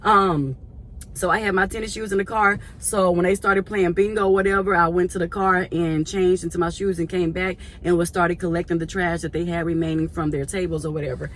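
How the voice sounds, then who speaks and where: A woman and church volunteer telling a casual story to her viewers in a chatty, animated way. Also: lowish voice, a little fast, a little hiss or hum.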